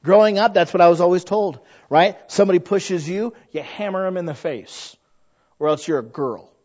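A man's voice: sits high, normal speed. A man in his thirties preaching a sermon, telling stories and acting out the voices of the people in them. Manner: animated storyteller who acts out quoted voices. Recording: slightly dull lo-fi sound.

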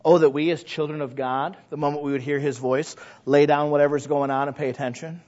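A fairly high-voiced male pastor preaching in an emphatic, conversational way, asking his listeners questions and swinging from low asides into loud outbursts. The recording sounds muffled and lo-fi. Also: flat delivery, brisk, hardly any pauses. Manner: conversational, asks the congregation questions. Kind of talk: sermon.

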